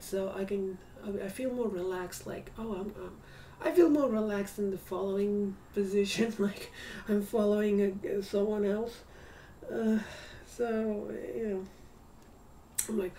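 A tired woman talking softly and hesitantly in a casual video diary at home, sometimes dropping into a whisper. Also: medium pitch, steady tone, measured pace, far from the mic. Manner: soft and hesitant, slipping into whispers. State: tired, yawning. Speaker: vlogger. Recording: slightly off-mic with faint room hum.

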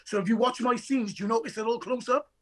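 A man, an actor telling animated stories about his work in a lively interview chat. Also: extremely high pitch, fast talker. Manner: energetic, restless storyteller who acts out quoted dialogue.

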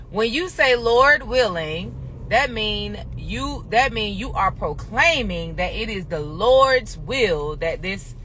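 A woman's voice: mid-range voice, fairly bright tone, slight background noise. A woman talking casually on a phone live stream as a spiritual teacher, chatty and folksy, calling listeners honey and y'all.

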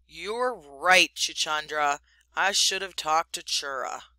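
A woman voicing a brave young male mongoose who speaks in a brisk, scornful, commanding way while reading a story aloud. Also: deep voice, bright, forceful tone, dry recording, heavily acted.

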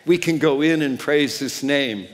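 A male pastor preaching a sermon and reading scripture, sometimes building to fervent shouts and sometimes dropping to a hushed tone. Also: on the high side, unhurried, in a large hall. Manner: impassioned, rising to shouts on scripture; drops to a soft, hushed tone. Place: church sanctuary.

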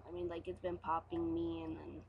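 A woman's voice: low-pitched, level tone, brisk, creaky, phone-quality sound. A young woman co-hosting a home web show, sick and congested, chatting casually and explaining the punchlines with giggles. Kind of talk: casual chat.

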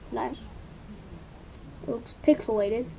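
High-voiced chatty woman vlogging. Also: takes it slowly, creaky, mellow, a little hiss or hum, rough recording. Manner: rambling, chatty self-talk with asides to viewers. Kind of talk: casual commentary while painting.

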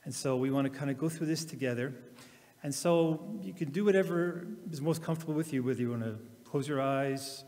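A male pastor giving a sermon, then reading scripture slowly and reflectively with long pauses. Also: a little high, darkish tone, in a large hall. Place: church.

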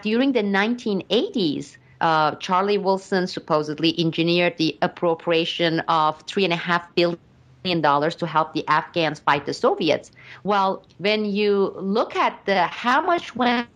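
A middle-aged woman giving commentary as a podcast guest, speaking deliberately and emphatically with frequent pauses. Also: fairly low pitch, fairly bright tone. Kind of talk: casual podcast discussion.

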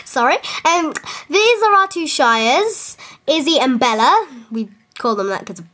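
Young woman, ditzy mock stable owner; high, swooping delivery, squeals often. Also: big pitch swings, measured pace, a bit bright. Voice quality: giddy, squealing whoops, valley-girl "like" fillers. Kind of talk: silly improvised home-video comedy tour.

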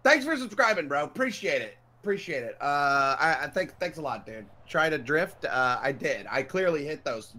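A man streaming a shooter game, talking to chat and teammates, swearing and bursting into shouts. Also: fairly high pitch, big pitch swings, normal speed, hardly any pauses. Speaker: gaming streamer. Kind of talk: live gameplay commentary. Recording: game music under the voice.

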